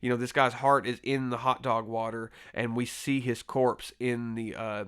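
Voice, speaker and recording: A man's voice: medium pitch, little pitch movement, normal speed, a bit bright, smooth. A man casually reviewing a horror film, rambling with lots of fillers and restarts and laughing easily. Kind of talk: casual spoken movie review.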